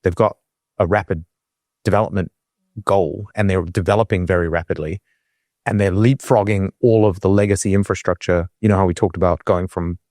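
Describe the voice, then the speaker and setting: A man's voice: low-pitched, steady tone, fairly quick, darkish tone, no echo, studio quality. A man co-hosting a podcast in casual chat, rambling with lots of restarts and fillers. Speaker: podcast co-host.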